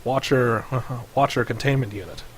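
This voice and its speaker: A man voicing a mechanical containment construct that speaks in clipped, flat commands. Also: mid-range voice, moderate pace, slight background noise, close to an everyday voice, rough recording. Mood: commanding. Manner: clipped robotic announcements.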